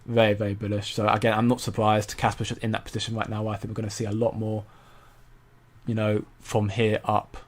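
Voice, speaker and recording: A man's voice: lowish voice, completely flat delivery, brisk. A young man hosting a casual crypto commentary stream, rambling with many stumbles and repeated words while reading viewer comments. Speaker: crypto channel host.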